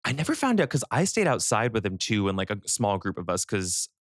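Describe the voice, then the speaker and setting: A young man co-hosting a podcast in casual chat. He tells a story in a loose, rambling way, full of fillers and asides. His voice sits fairly low, and the close mic leaves it dry. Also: big pitch swings, a little fast, no room sound. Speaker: podcast co-host.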